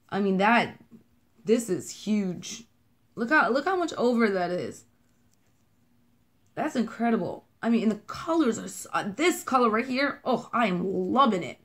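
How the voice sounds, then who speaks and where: A chatty woman with a New York accent, rambling and gushing as she unboxes and sniffs scented wax in a casual vlog. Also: mid-range voice. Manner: bubbly, rambling, self-described kooky; gushing over scents and colors. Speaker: vlogger unboxing wax melts.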